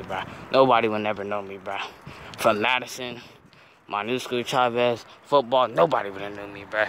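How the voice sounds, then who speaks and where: A man's voice: mid-range voice, sharp tone, slight background noise. A teenage boy telling a story in casual slang, saying "bro" after nearly every phrase, outdoors near a street.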